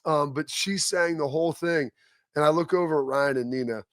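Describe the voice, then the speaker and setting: A male host tells a loose, rambling story, restarting his sentences as he goes. His voice sits slightly high, and the recording is close and dry. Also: fairly quick, no room sound. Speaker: show host. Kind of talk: casual chat.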